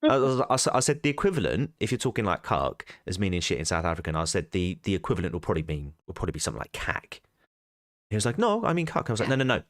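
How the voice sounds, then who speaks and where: A man's voice: low voice, animated, racing, no echo, studio quality. An Englishman telling a work anecdote on a casual chat show, stumbling and repeating words as he acts out the conversation. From England.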